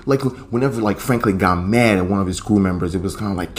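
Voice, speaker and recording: A man's voice: deep voice, quick pace. A young man hosting a podcast, telling a story in a laid-back, profane, rambling way. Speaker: podcast host. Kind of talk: casual storytelling.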